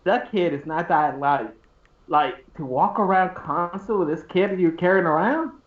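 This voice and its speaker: A man's voice: sits high, a little slow. A man telling a long, rambling story in casual chat, often laughing and restarting his sentences. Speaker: stream co-host. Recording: roomy, dull lo-fi stream audio.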